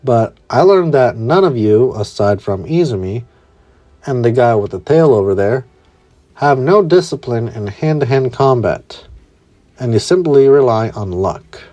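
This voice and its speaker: A man voicing a calm, blunt young male super soldier in his own voice. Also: medium pitch, unhurried, no echo, highs cut off, lightly acted.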